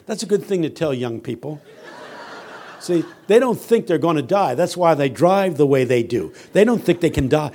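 A man giving a sermon as a guest preacher, telling humorous stories that build from quiet, earnest passages to loud, shouting ones. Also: medium pitch, animated, normal speed, breathy edge. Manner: humorous, teasing the audience.

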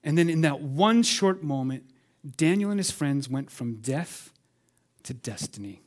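Dynamic preaching man, loud to hushed. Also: on the high side, expressive, a little slow. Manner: dynamic preaching, swings from loud to hushed, calls for congregation response. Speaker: pastor. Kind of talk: sermon.

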